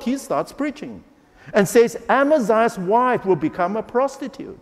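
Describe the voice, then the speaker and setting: A man's voice: high voice, big pitch swings, a little slow, in a large hall. A man preaching a sermon, acting out the quotes he reads. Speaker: pastor.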